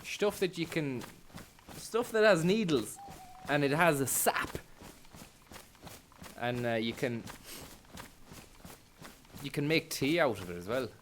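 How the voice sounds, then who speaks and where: A man's voice: on the high side, lively intonation, slow pace, pauses often, slight background noise. A man with a Limerick Irish accent rambling and muttering on a live stream out in a wood, swearing and making up rhymes as he goes. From Limerick, Ireland. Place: outdoors in a wood.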